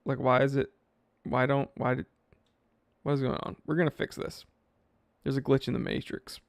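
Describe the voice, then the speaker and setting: A man's voice: medium pitch, level tone, normal speed, creaky, dry recording. A man hosting a live stream, casually reading viewer comments aloud and rambling offhand about them. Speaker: watch channel host reading live chat.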